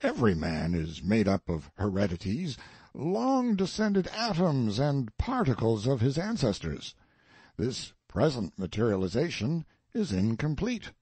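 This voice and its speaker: A man's voice: mid-range voice, very animated, measured pace, a little mellow, breathy edge, no echo, heavily acted. A man reading the part of a grandiose, eccentric old colonel in an audiobook, declaiming solemnly and pompously. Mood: grandiloquent.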